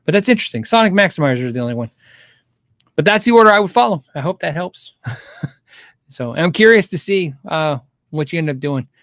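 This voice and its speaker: A man's voice: on the high side, animated, fairly quick, pauses often, fairly bright tone, no echo, studio quality. A middle-aged man hosting a casual livestream Q&A, rambling and thinking aloud with frequent restarts and chuckles. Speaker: guitar show host answering viewer questions.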